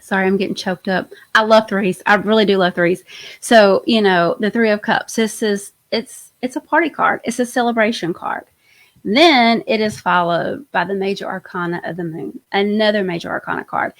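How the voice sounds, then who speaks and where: A woman's voice: medium pitch, steady tone, normal speed. A woman hosting a live-stream tarot reading, chatty and enthusiastic, often trailing off and restarting her sentences. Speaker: host, tarot reader.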